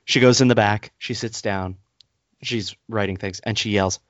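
Low voiced guy ranting on a podcast, does squeaky voices for people in his story, dry muffled lo-fi audio. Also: normal speed, no room sound. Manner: animated storyteller, acts out others in high voices. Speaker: podcast co-host. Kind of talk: casual storytelling rant. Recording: dull lo-fi, dry sound.

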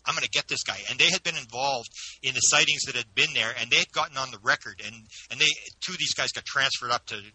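A man who is an interview guest, telling a personal story in an animated way with frequent restarts. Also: medium pitch, fast talker, husky, low-quality recording. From Canada.

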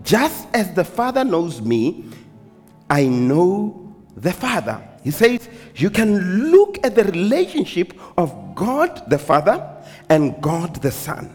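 A man pastor preaching a sermon, calling out hallelujah and amen, swinging between shouted and hushed delivery. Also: high-pitched, wildly swooping pitch, slow pace, slightly rough, long reverb tail, faint music behind.

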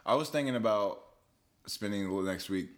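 A man's voice: fairly low pitch, moderate pace. A young man in casual podcast banter, teasing and swearing freely. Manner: teasing, profane, very animated. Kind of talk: casual chat.

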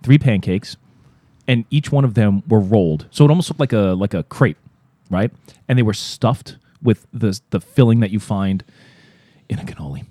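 Podcast co-host, male, low mellow voice, rambling and profane, dry close sound. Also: expressive, moderate pace, dry recording. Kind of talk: casual chat.

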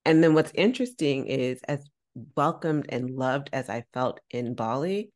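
Low-voiced woman telling a lively story. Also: measured pace. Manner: animated, acts out quoted dialogue in a raised voice; casual slang and laughter. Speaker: podcast co-host. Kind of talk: personal storytelling on a podcast.

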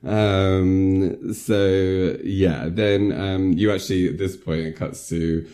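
Low, dark-voiced man rambling casually. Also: steady tone, slow pace. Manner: rambling recap, full of likes and ums. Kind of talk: casual chat.

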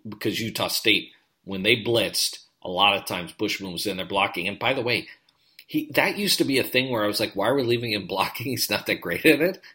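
A man co-hosting a podcast in casual sports chat, animated and full of quick restarts. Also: on the low side. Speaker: podcast co-host.

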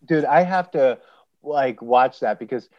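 A man's voice: medium pitch, measured pace, dry recording, highs cut off. A young man co-hosting a podcast, telling stories with acted-out quotes in casual chat. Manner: animated storytelling with acted-out quotes. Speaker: podcast co-host.

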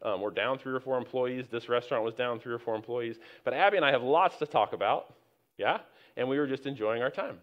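A man's voice: mid-range voice, fairly quick. Conversational preacher man, dull lo-fi sound. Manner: conversational, anecdotal preaching with many restarts and rising emphasis. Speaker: pastor. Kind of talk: sermon.

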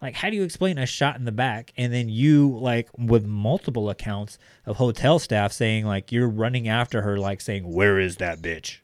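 A man's voice: medium pitch, moderate pace, hardly any pauses, a little mellow, no room sound. A man co-hosting a podcast, talking loosely in casual chat with many fillers. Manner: loose, filler-heavy talk. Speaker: podcast co-host.

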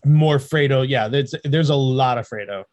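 A man co-hosting a film podcast who mostly agrees and talks haltingly. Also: mid-range voice, highs cut off, a crowd in the background. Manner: halting, agreeable, with many fillers. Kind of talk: casual film discussion.

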